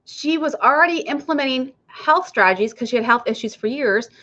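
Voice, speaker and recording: A woman with a fairly high voice gives a casual coaching talk as a nurse and health coach. She chats straight to her viewers and keeps asking them questions. The recording sounds dull and lo-fi. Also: expressive, fairly quick, sharp tone. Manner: chatty, addresses viewers directly.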